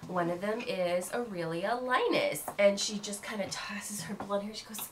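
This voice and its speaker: A woman narrating as game master in an animated storytelling manner. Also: mid-range voice, normal speed, slight background noise.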